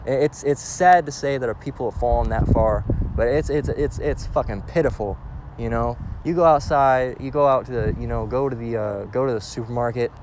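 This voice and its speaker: A man's voice: mid-range voice, a little fast, a little mellow. Blunt emphatic male scripture teacher, noisy outdoors. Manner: emphatic, repeats "all right?", blunt and profane. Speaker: religious teacher. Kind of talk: informal scripture lesson.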